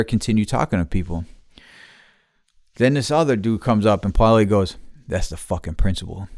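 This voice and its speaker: A middle-aged man on a podcast, casually telling a profane, animated story full of quoted voices. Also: mid-range voice, no room sound, clean studio sound. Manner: profane, animated retelling with quoted voices, turning quiet and somber. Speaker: podcast host.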